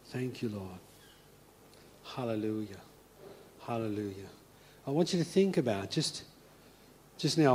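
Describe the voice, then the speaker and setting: Male pastor with a slightly high voice, sermon delivery that drops to hushed prayer. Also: breathy edge. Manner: storytelling preacher who drops to a soft, hushed prayer voice. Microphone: speaking to a congregation and viewers at home.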